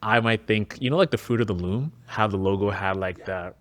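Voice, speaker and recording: A man co-hosting a casual podcast chat, chiming in with quick, chatty remarks. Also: fairly low pitch, a bit bright. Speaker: podcast co-host.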